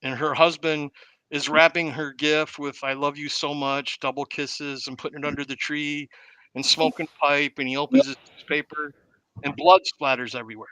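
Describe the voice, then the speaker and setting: A man, a podcast host, casually retelling a movie plot as an animated storyteller. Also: on the high side, normal speed, dry recording, low-quality recording. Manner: animated storyteller who acts out the quotes.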